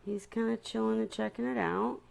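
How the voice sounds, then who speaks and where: A woman's voice: fairly high pitch, fairly even intonation, a little fast, gravelly, a little mellow. A woman chatting casually to viewers on a live stream about her seahorses, often stopping to apologize.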